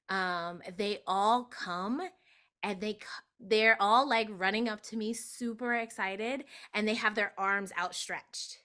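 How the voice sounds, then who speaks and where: Woman doula on a podcast, chatty and animated, kind of sharp bright voice. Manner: animated, acts out quoted voices with big pitch jumps. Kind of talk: storytelling in an interview.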